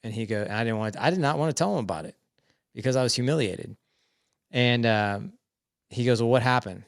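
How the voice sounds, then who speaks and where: A man's voice: mid-range voice, brisk, vocal fry, dry recording, studio quality. A man in his forties telling a frank personal story as a podcast guest. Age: 40s. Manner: frank, acts out quoted dialogue.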